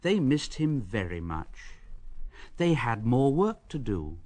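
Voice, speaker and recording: A man narrating a storybook in a slow, expressive way. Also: medium pitch, no echo.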